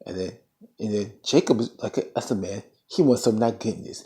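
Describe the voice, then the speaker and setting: A man casually recapping a TV episode in an animated, slangy way, full of playful asides. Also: on the low side, normal speed. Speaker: TV recap vlogger.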